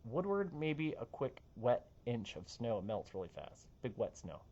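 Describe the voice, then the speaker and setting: A man's voice: medium pitch, very animated, normal speed, dark tone, highs cut off. A young man, a TV meteorologist talking through a casual forecast with playful, jokey asides. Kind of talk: casual weather forecast chat.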